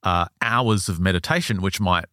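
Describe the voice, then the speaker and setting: A man's voice: low voice, moderate pace, no room sound, studio quality. A man hosting a podcast, casually retelling a story and voicing the people in it. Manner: relaxed, retells a story with quoted voices. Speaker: podcast host. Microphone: studio mic.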